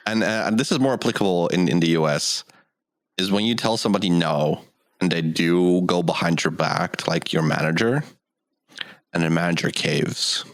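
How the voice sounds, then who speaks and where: A man's voice: low-pitched, fairly even intonation, moderate pace, no echo, clean studio sound. A young man co-hosting a casual podcast, giving opinions with stammering restarts. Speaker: podcast co-host. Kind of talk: casual chat.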